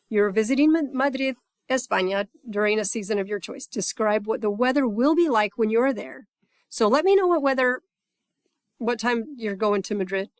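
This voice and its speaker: Woman, teacher voice, slightly high, dry close recording, patient lesson delivery. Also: dry recording. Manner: patient, repeats okay often; reads Spanish example phrases slowly. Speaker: Spanish teacher.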